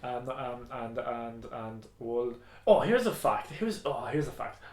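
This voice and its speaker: A young male podcast co-host speaks slowly in a medium-pitched, darkish voice during casual chat. He rambles, swears a lot, and laughs often, and the room sounds echoey.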